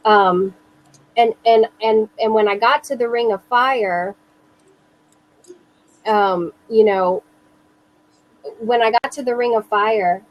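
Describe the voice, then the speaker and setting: A woman in her thirties, a mother recounting her own experience in an interview, speaking slowly and earnestly with halting restarts. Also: fairly high pitch, poor audio. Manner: slow, earnest, self-reassuring, halting restarts. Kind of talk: personal testimony in an interview.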